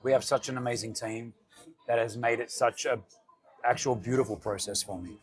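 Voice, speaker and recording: In a restaurant comedy club, an Australian man full of energy, both restaurateur and radio host, chats casually with an interviewer at a moderate pace. His pitch is medium, and he dramatizes the quotes in his anecdotes.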